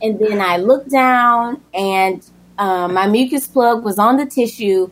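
Young woman, chatty, casual storytelling, animated, acts out quotes. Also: mid-range voice, slow pace. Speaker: guest telling her birth story.

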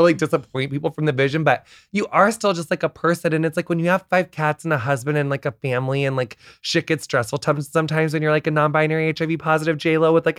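A man's voice: a little high, dry recording, studio quality. An American man chatting as a podcast guest, telling stories in a rambling way full of fillers. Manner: rambling, full of "like", animated storytelling. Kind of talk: casual chat.

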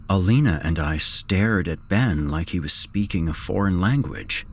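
A man narrating a horror story in a measured, dramatic storytelling manner, as host of a podcast. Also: low voice, animated, a little hiss or hum.

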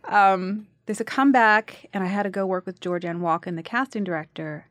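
Animated New actress guest. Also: female voice, medium pitch, moderate pace, no room sound. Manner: animated storyteller, acts out quotes. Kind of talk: casual interview chat.

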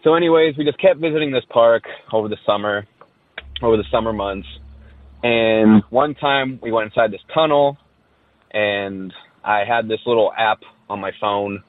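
A man tells a rambling story over a tinny phone line, with plenty of uhs and anyways. His voice sits a little low. The sound is dry and boxed-in. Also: moderate pace, no room sound. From Southern California. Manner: rambling storyteller, many fillers. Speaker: caller sharing a ghost story. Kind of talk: casual recorded voice message.

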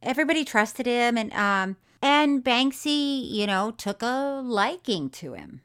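A woman's voice: a little high, lively intonation, measured pace, a bit bright, clear, resonant tone. A woman co-hosting a podcast, telling a film's story in casual chat and acting out the quotes, laughing often. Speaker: podcast co-host.

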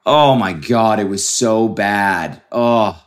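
A man's voice: on the low side, slow pace. Profane man ranting on his podcast. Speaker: podcast host. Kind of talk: casual solo rant. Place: very hot room.

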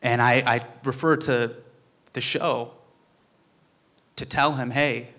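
A man's voice: mid-range voice, fairly even intonation, takes it slowly, pushed and bright. A young man giving a heartfelt tribute speech, telling a personal story and acting out the quotes.

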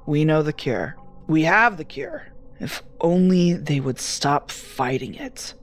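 Woman playing a eerily calm nurse, flat monotone, almost robotic, low voice, horror audio story. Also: slow pace, soft background music. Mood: serene. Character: cold calm female nurse, eerily serene.

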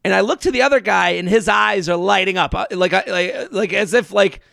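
A man co-hosting a podcast from home, telling animated stories and acting out the people in them. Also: high-pitched, brisk, gravelly, dry recording, studio quality. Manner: animated storyteller, acts out quotes. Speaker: podcast co-host. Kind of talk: casual chat. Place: parents' pool house. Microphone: remote recording.

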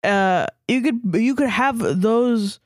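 A young woman co-hosting a casual podcast, talking in an animated, swearing way and mimicking the people she quotes. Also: fairly high pitch, takes it slowly, no room sound, clean studio sound. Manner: animated, swears freely, puts on quoted voices. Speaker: podcast co-host. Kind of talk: casual chat.

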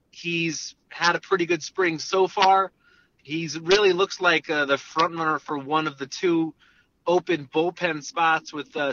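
A man from New Jersey, a baseball reporter joining a podcast by phone from his car, chatting in a joking, halting way. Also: fairly high pitch, bright, forceful tone, lo-fi sound, a little hiss or hum. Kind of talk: casual podcast chat. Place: in a car, driving.

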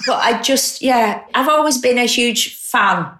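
Lively woman, roomy echo. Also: fairly high pitch, slow pace, a little hiss or hum. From North West England. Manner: enthusiastic, emotional, many restarts. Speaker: guest. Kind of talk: casual podcast chat.

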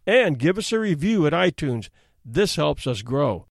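A man who hosts a podcast and narrates a classic short story in an expressive, dramatic storytelling manner. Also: on the high side, a little slow, creaky, no room sound, clean studio sound.

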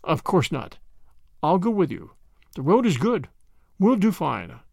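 A man voicing a polite, mysterious stranger who speaks calmly and reassuringly. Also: high voice, a little slow, vocal fry, dry recording, clean studio sound, exaggerated voice. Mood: courteous. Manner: courteous, calm, reassuring.

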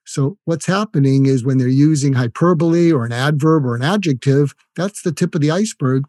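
A man's voice: a little high, brisk, hardly any pauses, mellow, no room sound, clean studio sound. An older retired man giving communication tips in an interview, explaining with examples and acted-out phrases. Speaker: guest, communication expert. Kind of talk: instructive interview talk.

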